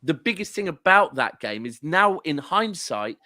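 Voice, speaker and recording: Southern english guy going off about football, swearing, kinda high voice. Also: normal speed, no echo, clean studio sound. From southern England. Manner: animated ranting, swears. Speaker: guest football fan. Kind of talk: casual podcast chat.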